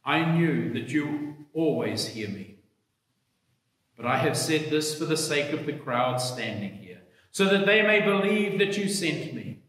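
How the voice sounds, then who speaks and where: A man's voice: a little high, animated, unhurried, fairly bright tone. A man reading as Jesus, solemn, in a church. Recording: echoey church hall.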